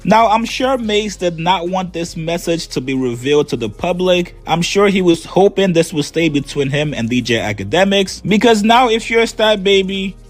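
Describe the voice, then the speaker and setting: Man, high pitch, scripted news narration, faint music behind. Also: expressive, moderate pace, few pauses.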